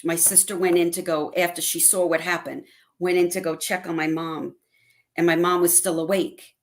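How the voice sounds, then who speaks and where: Animated middle-aged woman telling stories. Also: lowish voice, moderate pace. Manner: animated storytelling, acts out family quotes. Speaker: guest fan. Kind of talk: casual livestream chat. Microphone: video call.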